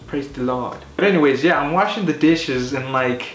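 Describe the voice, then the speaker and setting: A man telling a comedy story in an animated, rambling way, swearing often and filling his talk with "like" and "you know". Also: mid-range voice, moderate pace. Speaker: comedy vlogger. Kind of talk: casual profane storytelling. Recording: echoey room with faint hiss.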